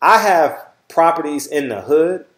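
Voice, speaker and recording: A man's voice: a little high, expressive, a little slow, a bit bright. Blunt, preachy man in an echoey room. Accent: Southern Californian. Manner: blunt, preachy, swears freely; repeats "all right?" often. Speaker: channel host. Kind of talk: casual monologue to viewers.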